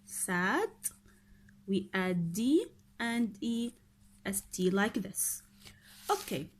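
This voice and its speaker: A woman's voice: mid-range voice, very animated, very slow. A woman English teacher going through a grammar exercise step by step, asking pupils questions as she explains. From Oman. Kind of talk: recorded grammar lesson.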